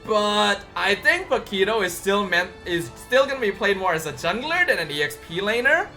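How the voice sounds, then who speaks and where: A gaming video creator giving casual patch-notes commentary, excitable and quick to squeal with delight. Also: medium pitch, faint music behind.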